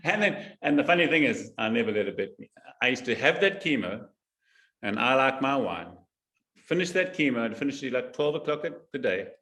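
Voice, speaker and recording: A man guest from South Africa talking in a casual interview, halting and repeating words with emphasis. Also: mid-range voice, sing-song, a bit bright.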